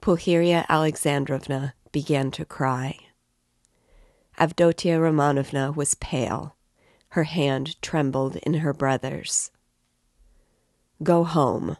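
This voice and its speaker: Steady woman narrating a novel. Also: sits low, measured pace, no echo, studio quality. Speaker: reader and guide. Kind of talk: reading a classic novel aloud.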